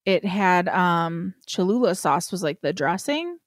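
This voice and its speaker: A woman's voice: on the low side, sing-song, a little slow, no echo, clean studio sound. A woman co-hosting a podcast in casual chat, blunt, crude and self-mocking.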